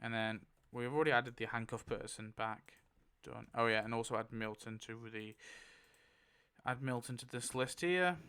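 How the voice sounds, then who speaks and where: A man hosting a casual online chat, excitable, laughing often and swearing freely. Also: medium pitch, normal speed, smooth. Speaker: YouTube host.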